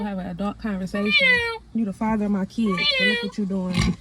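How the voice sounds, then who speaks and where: A woman's voice: medium pitch, huge pitch swings, brisk. A young woman in casual vlog chat, scolding in an exasperated, blunt way with some swearing, recorded outdoors on a street. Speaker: vlogger. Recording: loud street noise behind the voice.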